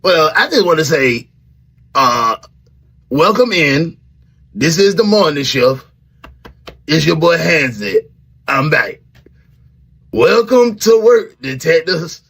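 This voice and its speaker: A man's voice: on the high side, breathy edge. A man hosting a casual livestream, talking in loose, playful slang and calling out viewers by name. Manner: animated, shouting out viewers by name; loose slangy street talk, quick and playful. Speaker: livestream host greeting viewers.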